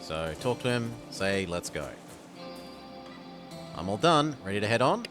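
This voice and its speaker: A man's voice: mid-range voice, big pitch swings, moderate pace. A man streaming a game for the first time, reading its dialogue aloud and commenting as he plays. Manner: reads game text aloud and comments between lines. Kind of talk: casual game let's play with dialogue read aloud. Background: game music.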